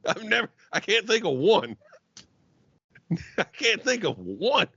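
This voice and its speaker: A man's voice: high-pitched, very animated, measured pace, vocal fry, pushed and bright, slightly rough, no room sound, lo-fi sound. A man co-hosting a podcast, swearing freely and laughing as he jokes, with frequent stumbling restarts. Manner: profane, joking, laughs often, trailing restarts. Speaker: podcast co-host. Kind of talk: crude comedic podcast banter.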